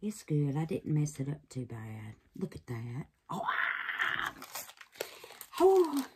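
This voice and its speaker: Speaking in a bass voice that's expressive and a little slow, a woman runs a casual resin craft vlog, affectionately calling her viewers babies and honey and whispering nervously as she works. The recording is very noisy.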